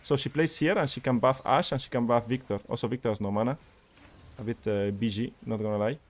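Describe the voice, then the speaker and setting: A man's voice: medium pitch, quick pace. Exasperated male coach. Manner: exasperated, animated critique. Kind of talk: live-streamed gameplay review.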